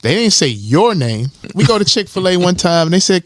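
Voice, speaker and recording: Male podcast co-host, high-pitched, dry close mic. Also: fairly quick, dry recording. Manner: storytelling, animated and joking. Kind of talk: casual podcast banter.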